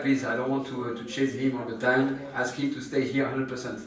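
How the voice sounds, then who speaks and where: A man's voice: mid-range voice, flat delivery, a little fast. A man teaching a live injection class, explaining each step and joking with the patient. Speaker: aesthetic injection trainer. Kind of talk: live hands-on class demonstration. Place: treatment room with an audience. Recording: echoey room picked up from a distance.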